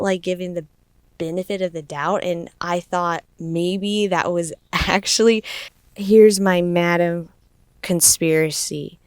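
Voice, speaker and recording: A woman's voice: on the low side, clear, resonant tone, dry recording. Chatty young woman podcast host, dry mic. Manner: chatty and expressive, laughing often. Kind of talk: casual solo podcast commentary.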